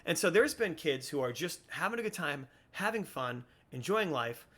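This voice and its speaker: Young male podcast host, earnest and preachy, rambling with restarts, slightly high voice. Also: very animated, moderate pace, fairly bright tone. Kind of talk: casual commentary.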